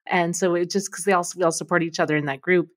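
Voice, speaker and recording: A woman co-hosting a podcast, chatting excitedly and laughing often. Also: on the low side, quick pace. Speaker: podcast co-host. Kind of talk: casual podcast chat.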